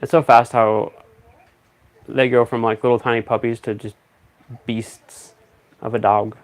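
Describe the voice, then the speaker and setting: A man chatting casually on a stream, rambling and thinking out loud in a relaxed way. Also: medium pitch, a little slow. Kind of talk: casual chat.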